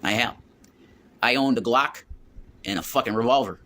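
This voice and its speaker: A man's voice: medium pitch, normal speed, sharp tone. A man telling a heated personal story, swearing often and repeating himself. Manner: profane, agitated, repeating himself. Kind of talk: emotional storytelling on a stream.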